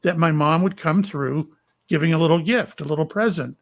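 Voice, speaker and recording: An older man from Florida, USA, who is a psychic medium and retired police officer, tells stories in a casual interview, halting and rambling with many fillers. His voice is a little high and creaky.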